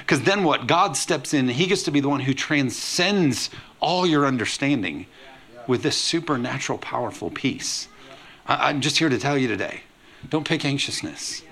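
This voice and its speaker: A man preaching a sermon to a congregation as pastor, emphatic and lively, often asking the room if they are with him. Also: mid-range voice, moderate pace. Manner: emphatic preaching with call-and-response questions to the congregation. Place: church sanctuary.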